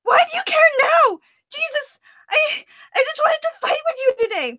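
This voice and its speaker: A woman's voice: very high-pitched, lively intonation, moderate pace, no echo, voice pushed up, heavily acted, poor audio. A woman voicing a distraught, heartbroken teenage boy who stammers and cries out in anguish, for an audition. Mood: anguished, tearful. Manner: sobbing, stammering, shouting in anguish. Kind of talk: voice acting audition.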